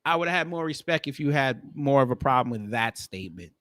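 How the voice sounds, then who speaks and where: A man hosting casual reaction commentary, animated and exclamatory, with heavy slang and jokes. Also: medium pitch, fast, dry recording, studio quality. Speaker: commentary host.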